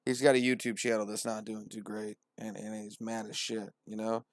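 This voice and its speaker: A man's voice: lowish voice, flat delivery, normal speed, no echo. A man retelling scripture as comedy, profane and slangy, with a wry tone and hesitant restarts.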